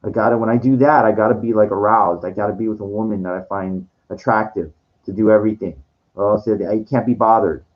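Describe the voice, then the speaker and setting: Fast and steady in tone, this man's fairly low voice is heard over dull audio. The streamer's monologue rambles with restarts and curses, and he sometimes voices others' words in an acted style.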